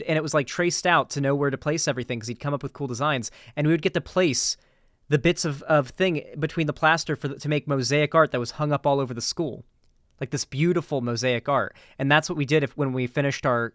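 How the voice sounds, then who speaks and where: A man telling a casual, rambling story in commentary style, animated and swearing now and then. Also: a little high, no echo, studio quality.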